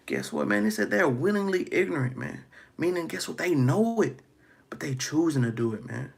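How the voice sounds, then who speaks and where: Gravelly, husky preaching man. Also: on the high side, big pitch swings, normal speed. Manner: preaching with frequent "man" and "guess what". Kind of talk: street-style scripture teaching.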